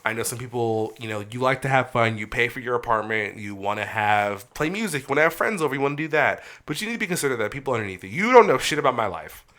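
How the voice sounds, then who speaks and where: A man's voice: medium pitch, fast, hardly any pauses. A man hosting a casual podcast, ranting animatedly with plenty of cursing. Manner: heated, profane ranting; animated storytelling. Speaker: podcast host.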